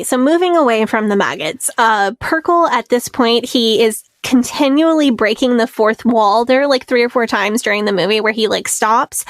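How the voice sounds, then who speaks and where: Chatty higher-pitched woman podcaster. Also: no room sound. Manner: chatty, laughs often, retells scenes with quotes. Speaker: podcast co-host. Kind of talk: casual podcast chat.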